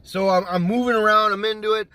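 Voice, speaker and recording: A man with a high, bright voice spins a casual story to his viewers, animated and swearing freely as he acts out his own past lines. The sound is close and dry, with no room around it. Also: fast talker, clear, resonant tone, no echo. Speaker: gaming YouTuber.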